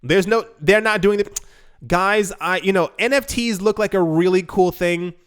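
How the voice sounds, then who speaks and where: A man hosts his own crypto channel and talks alone in a loose, rambling way. His voice is smooth and clear and sits a little high. He runs short of breath and jokes at his own expense as he rattles through long lists. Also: moderate pace. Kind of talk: casual solo commentary.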